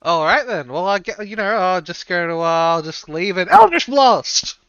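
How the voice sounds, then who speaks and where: Man, tabletop player, bright and smooth, hesitant, dull lo-fi recording. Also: high-pitched, expressive, normal speed, no room sound. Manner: hesitant, many fillers. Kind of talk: tabletop game play.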